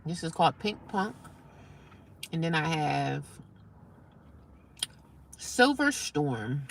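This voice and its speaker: A woman's voice: sits low, very animated, slow pace, creaky, noisy background. A middle-aged woman chatting casually on a live stream, reading out viewer comments and answering them.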